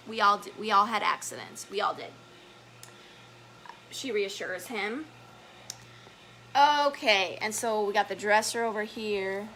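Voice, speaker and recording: A woman reading a picture book aloud to children as a story time educator, chatty and gentle, stopping to point at the pictures. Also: medium pitch, lively intonation, takes it slowly, pauses often, slight background noise.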